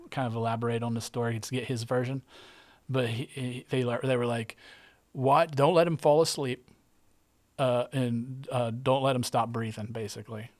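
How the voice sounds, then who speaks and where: A man, a guest artist, telling a vivid story in casual present tense, with some swearing and frequent restarts. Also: medium pitch.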